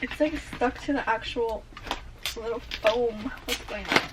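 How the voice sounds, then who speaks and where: A woman's voice: fairly high pitch, unhurried, background noise. A young adult woman chatting casually to camera in a daily vlog, often cooing at her cat. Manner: chatty, talks baby-talk to her cat. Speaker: vlogger.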